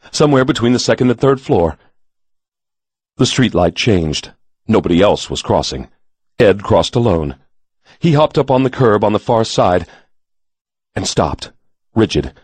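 A man reading a short story aloud in a measured, dramatic storytelling manner. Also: sits low, a little mellow, slightly rough, dry recording. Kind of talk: audiobook narration.

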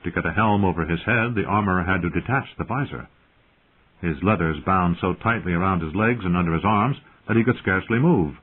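Low, husky male audiobook narrator. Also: fairly quick. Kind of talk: scripted narration. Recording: tinny phone-like audio.

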